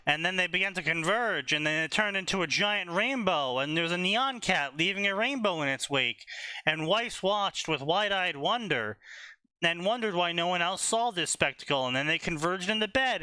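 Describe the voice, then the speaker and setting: A man reads fanfiction aloud for a comedy stream, skipping ahead with sarcastic asides and many fillers. His voice is bright and crisp, a little higher than most men's. The recording is dry and close. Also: dry recording. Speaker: host reading fanfiction aloud. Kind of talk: casual comedic reading and commentary.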